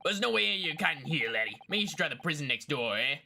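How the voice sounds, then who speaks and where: Brusque prison governor, middle-aged and scornful as a streamer voices him; sharp, quick, swinging delivery. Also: male voice, fairly high pitch, sing-song, gravelly, slight background noise, exaggerated voice. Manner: brusque, dismissive. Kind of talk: reading game dialogue aloud.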